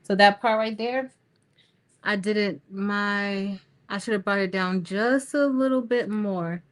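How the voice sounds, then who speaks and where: A woman's voice: mid-range voice, slow. A middle-aged woman hosting a crafting livestream, chatting casually with viewers while she works. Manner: chatty, storytelling, talks to viewers as y'all.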